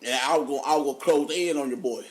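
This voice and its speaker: A man, a podcast co-host telling funny stories in casual chat, animated and laughing often. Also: very fast. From North Carolina. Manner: animated, laughing often, drops low for quoted voices. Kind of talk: casual storytelling.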